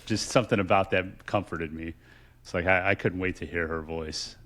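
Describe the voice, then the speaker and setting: A man's voice: sits low, steady tone, normal speed, a bit bright. A middle-aged man from Texas, co-hosting a casual chat and telling family stories in a reflective way, with many restarts. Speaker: podcast co-host.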